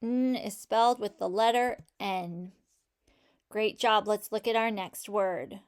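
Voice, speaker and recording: A woman's voice: medium pitch, steady tone, slow pace, clear, resonant tone. A woman teaching a phonics lesson to children, patiently sounding out each sound in a word and praising answers.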